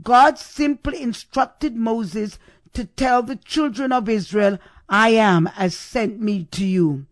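Preacher, sermon, emphatic, repeats questions, very slow delivery. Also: mid-range voice, no echo, clean studio sound.

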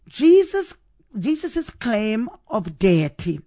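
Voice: medium pitch, animated, takes it slowly, no echo, clean studio sound. A preacher giving a sermon, stressing points and repeating key questions for emphasis.

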